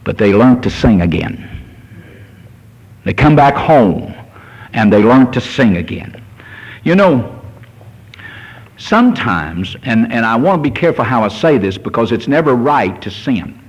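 A man's voice: mid-range voice, very animated, measured pace, pauses often, breathy edge, highs cut off. A man in his sixties, a pastor preaching a fervent sermon and reading scripture aloud. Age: 60s.

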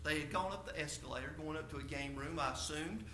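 A male preacher telling a personal story in a sermon, going from soft storytelling to shouted conviction. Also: fairly high pitch, fast talker, slight background noise.

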